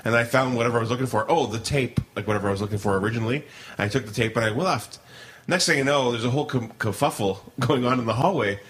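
Fast-talking man telling a story. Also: medium pitch, a bit bright. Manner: rambling storyteller, many restarts and laughs. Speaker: podcast co-host. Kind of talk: casual chat.

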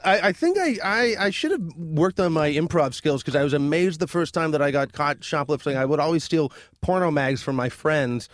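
A man's voice: a little high, lively intonation, brisk, hardly any pauses. A man co-hosting a casual radio chat, cracking crude jokes and telling stories. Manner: crude, joking banter.

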